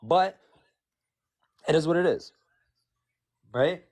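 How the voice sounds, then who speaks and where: A man's voice: a little high, animated, slow, darkish tone. A man in a casual debate, talking loosely with many fillers and some swearing.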